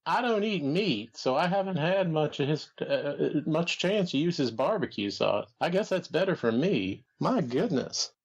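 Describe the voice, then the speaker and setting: A man doing an impression of a fussy, gossip-loving old male wrestling promoter who drawls slowly. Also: a little high, animated, husky, dull audio, heavily acted. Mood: gossipy. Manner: slow, drawling, fond exclamations. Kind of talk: comedy podcast impression.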